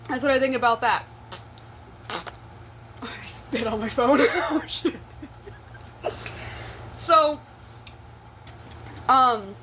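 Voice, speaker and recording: A woman's voice: a little high, pushed and bright, slight background noise. A young adult woman telling a personal story in a casual storytime vlog, blunt and profane with laughing asides.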